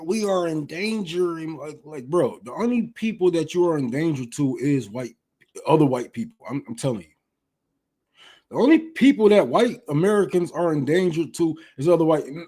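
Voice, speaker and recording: A man's voice: fairly high pitch, dark tone. A man from Detroit hosting a casual livestream, talking bluntly and heatedly with lots of profanity. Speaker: livestream host.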